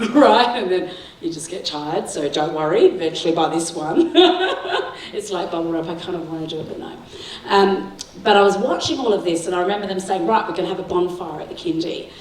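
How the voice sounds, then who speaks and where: A woman's voice: medium pitch, a little hiss or hum. A middle-aged woman giving a talk to parents, telling stories with frequent laughs and "right?" to the audience. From Sri Lanka. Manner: warm storytelling, laughs often, asks the audience "right?". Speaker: guest speaker. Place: school hall. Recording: echoey hall, mic heard from a distance.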